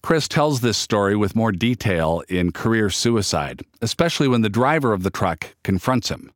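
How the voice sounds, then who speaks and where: A man's voice: lowish voice, sing-song, normal speed, dry recording, studio quality. A man hosting a podcast, reading scripted narration and sponsor notes in an earnest, lightly playful way. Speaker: podcast host.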